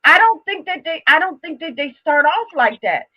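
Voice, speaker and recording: A woman's voice: sits high, sing-song, normal speed, dry recording, dull audio. A woman hosting a casual chat, asking questions and making her points emphatically, often repeating herself.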